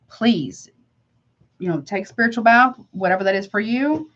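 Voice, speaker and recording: A woman's voice: medium pitch, expressive, moderate pace, fairly bright tone. A woman tarot reader hosting a live reading, talking in a casual, slangy, sympathetic way as she greets viewers and gives advice. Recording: slightly dull lo-fi audio.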